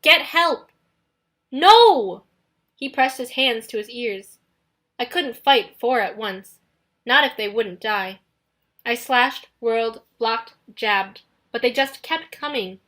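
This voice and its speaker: A woman narrating an audiobook in the first person, in a steady, dramatic storytelling manner. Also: fairly high pitch, slow.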